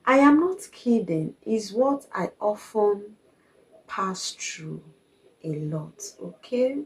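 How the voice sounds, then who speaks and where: A woman's voice: medium pitch, lively intonation, slow pace, low-quality recording. A woman, giving a reflective personal monologue as a vlogger, earnest and confiding, repeating her points for emphasis.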